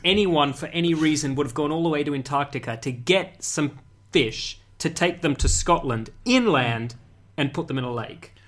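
A man's voice: a little high, normal speed, few pauses, fairly bright tone. A man co-hosting a casual podcast, delivering dry, sardonic wisecracks. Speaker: podcast co-host. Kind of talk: casual chat.

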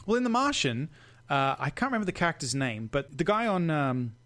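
A man with a fairly high speaking voice co-hosts a casual podcast chat. He talks in an animated rush, circling back and restarting his sentences as he goes. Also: a little fast. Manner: animated, many restarts and asides. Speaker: podcast co-host.

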